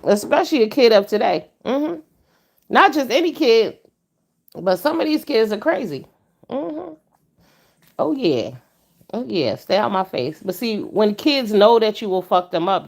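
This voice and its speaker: A woman hosting a casual livestream chat, blunt and stern, talking back to her viewers. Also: moderate pace. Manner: blunt, profane and stern, with animated pitch jumps. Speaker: livestream host.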